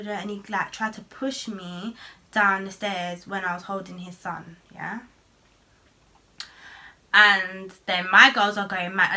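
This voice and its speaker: Bright-voiced woman telling a story. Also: medium pitch. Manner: animated, swearing, heavy slang. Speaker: vlogger. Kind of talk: storytime vlog.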